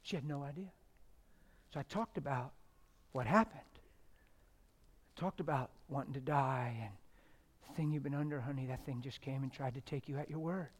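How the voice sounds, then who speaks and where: A middle-aged man, a pastor, preaching a sermon with passionate storytelling that swings from loud exclamations to hushed quiet. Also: mid-range voice, moderate pace, long pauses.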